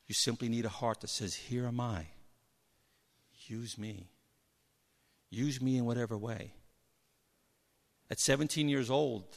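A man preaching a sermon, telling Bible stories with lively energy and acting out the people in them. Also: mid-range voice. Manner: animated storytelling, acts out Bible figures. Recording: long hall reverb.

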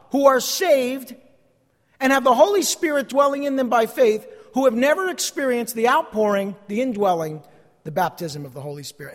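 A man preaching a sermon as pastor, emphatic, repeating key phrases and swinging between loud declarations and hushed asides. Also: very high voice. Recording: long hall reverb.

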